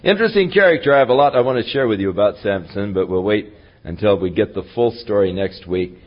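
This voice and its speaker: A man teaching a Bible study, retelling a story in a lively, conversational way with dry asides, on a dull lo-fi recording. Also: lowish voice, fast.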